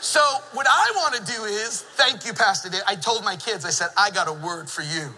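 A middle-aged man preaching a sermon in a church, an animated storyteller who jokes with the congregation. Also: sits high, moderate pace, in a large hall, a little hiss or hum, poor audio. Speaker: pastor. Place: church sanctuary.

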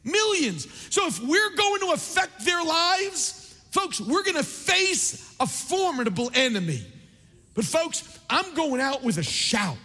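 A man preaching a sermon as pastor, impassioned and building to near shouts. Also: very high voice, very animated, a little slow. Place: large church sanctuary. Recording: long reverb of a large hall.

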